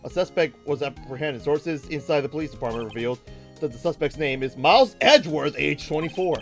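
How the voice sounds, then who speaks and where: A man voicing a male TV news anchor, reading in a lower, quieter newsreader cadence. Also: animated, brisk, faint music behind. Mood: grave.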